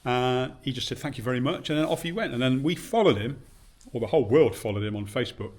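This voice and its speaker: A man speaks casually to camera from his bike shop, his pitch sitting in an ordinary middle range. He rambles and restarts, scattering fillers as he looks back, and slips into remembered conversations as he retells them. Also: quick pace, darkish tone. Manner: rambling with many fillers and restarts, acts out quoted dialogue. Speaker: bike shop owner and vlogger. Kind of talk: casual reminiscing vlog.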